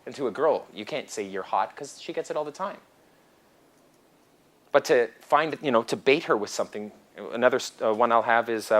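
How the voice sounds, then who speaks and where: Male seminar instructor, animated lecturer, acts out scenes mid-talk. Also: medium pitch, fairly quick. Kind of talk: lecture to a class.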